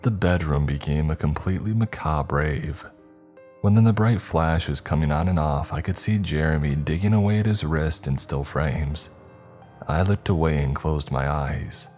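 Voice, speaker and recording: A man narrating a horror story in a measured, grave storytelling manner. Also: extremely low pitch, a little mellow, soft background music.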